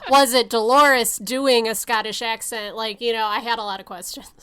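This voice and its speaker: A woman's voice: fairly high pitch, steady tone, normal speed, bright, forceful tone, a little hiss or hum. A woman co-hosting a book podcast in casual chat, hesitant and full of fillers. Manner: hesitant, many fillers and restarts. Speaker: podcast co-host.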